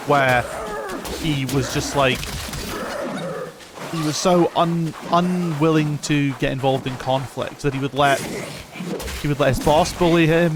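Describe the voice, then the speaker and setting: A man's voice: a little high, noisy background. Man streaming a game, casual. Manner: casual, swears freely, chats with viewers. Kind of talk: casual gameplay commentary and reading lore aloud.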